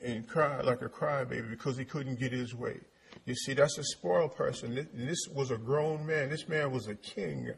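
A man's voice: medium pitch, a little hiss or hum. A man preaching a sermon on scripture, often calling out to the congregation and repeating words as he builds his point. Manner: calls out to the congregation, stammers and repeats words, emphatic.

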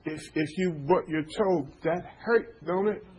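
A man preaches an informal sermon, stammering through repeated words and tossing call-and-response asides to his listeners. His husky voice is a little high and darkish, delivered at a measured pace on a low-quality recording.

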